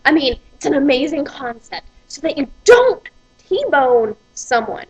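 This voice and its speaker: High animated woman ranting. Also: unhurried, poor audio. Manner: profane, exasperated ranting. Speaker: vlogger. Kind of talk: ranting vlog.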